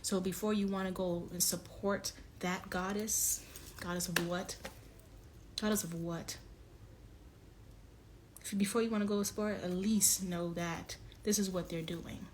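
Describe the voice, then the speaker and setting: A young woman talks into her phone on a livestream in a low, level voice that stays flat. She is earnest and pointed, confronting someone directly before softening into pleading. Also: a little slow, pauses often, a little hiss or hum. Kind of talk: emotional livestream monologue.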